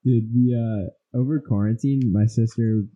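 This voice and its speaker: A man's voice: mid-range voice, fairly even intonation, unhurried, mellow, lo-fi sound. A young man co-hosting a podcast in casual chat, rambling through stories and acting out his own reactions. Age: young adult. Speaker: podcast co-host.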